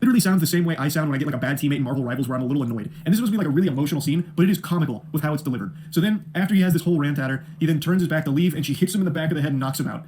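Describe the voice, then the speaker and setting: A man's voice: on the high side, rapid-fire, hardly any pauses, darkish tone, breathy edge. A man reviewing a film in an exasperated, profane, sarcastic rant. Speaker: film critic.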